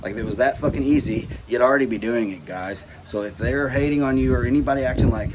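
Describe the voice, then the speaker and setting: A man's voice: mid-range voice, quick pace, few pauses. A man ranting casually to his camera about anxiety, swearing a lot and filling with "like" and "you know.". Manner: profane, rambling, says "like" and "you know" constantly. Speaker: vlogger. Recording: noisy background hiss.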